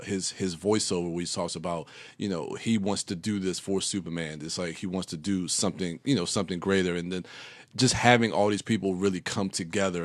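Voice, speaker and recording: Male co-host, lowish voice, dry close recording, eager and rambling delivery. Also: no room sound. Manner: enthusiastic, rambling with many fillers. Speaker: podcast co-host. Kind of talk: casual chat.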